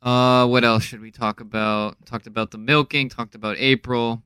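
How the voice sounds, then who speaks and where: A man's voice: mid-range voice, little pitch movement, normal speed, bright, forceful tone, smooth, no room sound. A man co-hosting a podcast in casual chat, agreeable and easygoing, rambling a little. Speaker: podcast co-host.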